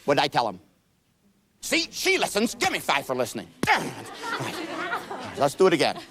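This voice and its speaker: A man's voice: fairly high pitch, wildly swooping pitch, moderate pace, crowd noise, noisy background. A man giving a self-help seminar lecture in a folksy, playful storytelling manner. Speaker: seminar speaker.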